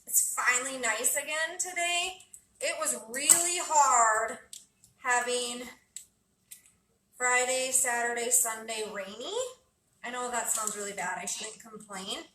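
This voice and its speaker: A woman's voice: fairly high pitch, fairly even intonation, slow, sharp tone. A woman chatting to the camera while she cooks at home and coaches her child through a recipe. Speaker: vlogger cooking at home with her kids. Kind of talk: casual cooking vlog chat. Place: home kitchen. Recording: echoey kitchen, distant camera, background noise.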